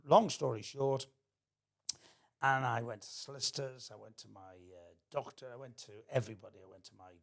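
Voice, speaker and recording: A man's voice: medium pitch, moderate pace, vocal fry. An older man, telling a theatrical anecdote as a podcast guest. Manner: theatrical storyteller.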